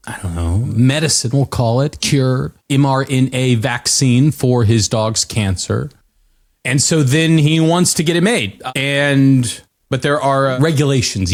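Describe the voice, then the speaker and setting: An American man co-hosting a podcast, retelling a news story in casual chat with frequent hesitations. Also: medium pitch. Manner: hesitant storytelling with many fillers and restarts. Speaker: podcast co-host.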